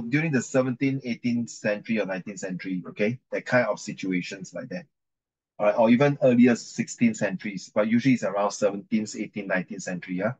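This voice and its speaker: A man's voice: fairly low pitch, slightly rough, highs cut off. Chatty man teaching an English reading class. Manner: chatty, repeats and corrects himself, mixes in Chinese.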